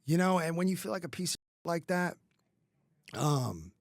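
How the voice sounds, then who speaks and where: A man's voice: fairly high pitch, expressive, moderate pace, no room sound, clean studio sound. A man in his thirties telling his life story on a podcast, casual and rambling, with many fillers and swearing. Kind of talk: candid conversational storytelling.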